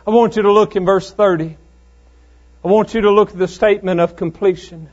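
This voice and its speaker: A man preaching a fiery sermon, commanding and impassioned, swinging between loud declarations and low tones. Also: steady tone, fairly quick, highs cut off.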